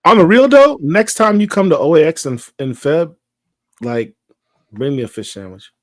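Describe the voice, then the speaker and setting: A man with a lively voice that rises and falls a lot, talking in a relaxed, jokey way. He sounds dry and close to the mic. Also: fairly high pitch, moderate pace, no room sound. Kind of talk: casual chat.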